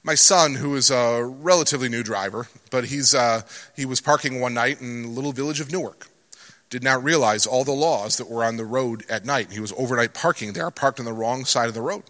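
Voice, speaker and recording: A man's voice: mid-range voice, a little fast, fairly bright tone. A middle-aged man speaking to a church congregation in a conversational, anecdotal way, with rhetorical questions. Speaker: Christian advocacy speaker at a church. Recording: long hall reverb.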